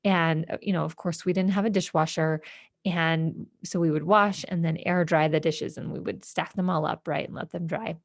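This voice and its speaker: A woman hosting a podcast, telling a personal story in a reflective, halting way with many fillers and restarts. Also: on the low side, steady tone, dry recording, clean studio sound. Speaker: podcast host.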